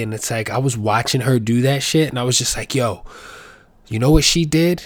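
A man's voice: mid-range voice, a little fast, no room sound. Male podcast host, mid-range voice, rambling and profane, dead-dry studio sound. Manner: loose, profane, rambling with playful asides. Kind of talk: casual solo podcast monologue.

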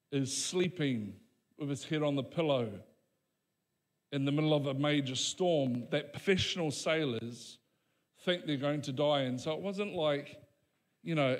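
A man preaching a sermon as pastor, emphatic, with dramatic pauses and voiced quotes. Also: fairly high pitch, in a large hall.

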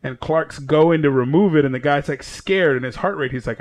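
A man's voice: a little high, a little fast. A man co-hosting a casual comic book chat, retelling the plot with acted-out quotes and plenty of swearing. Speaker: comic book podcast co-host. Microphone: headphones and mic setup.

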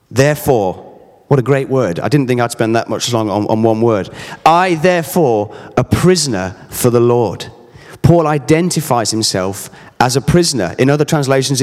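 A man's voice: medium pitch, a little mellow. Man preaching in a reverberant hall. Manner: earnest, emphatic, personal storytelling. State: briefly emotional. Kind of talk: sermon.

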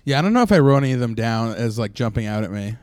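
A man co-hosting a casual comedy podcast, tossing in quick jokey reactions and laughs. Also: medium pitch, big pitch swings, darkish tone, no echo. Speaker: podcast co-host.

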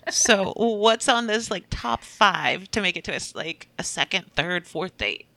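A woman's voice: mid-range voice, expressive, a little slow, vocal fry, bright, forceful tone. A woman co-hosting a casual chat, asking upbeat, encouraging questions.

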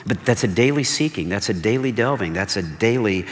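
Speaking a little fast in a voice on the low side, a male pastor preaches with animated, conversational energy. He hammers home repeated warnings and checks in with the congregation with frequent "okay?"s, while long hall reverb colors the recording.

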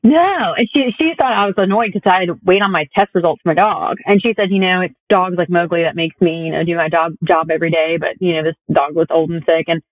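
A woman's voice: fairly low pitch, quick pace, few pauses, no echo. Young woman telling stories over a tinny line. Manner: chatty storytelling with many fillers. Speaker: guest. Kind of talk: casual conversation. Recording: tinny phone-like audio.

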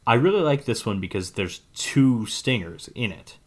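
A man's voice: mid-range voice, lively intonation, normal speed. A man co-hosting a podcast, casually recapping a film's plot in a rambling way, hedging often. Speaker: podcast co-host. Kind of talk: casual movie recap chat.

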